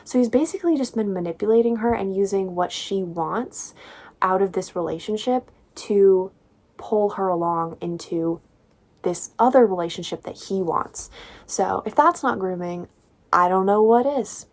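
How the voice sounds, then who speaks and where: A woman's voice: mid-range voice, normal speed, a little mellow. A woman in her twenties talking casually through a book review, chatty and exasperated, with lots of filler words.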